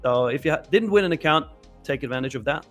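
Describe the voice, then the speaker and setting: A man co-hosting a live trading show, chatting casually in an upbeat, joking way and pitching a sale. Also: expressive, fast, faint music behind. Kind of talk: casual chat.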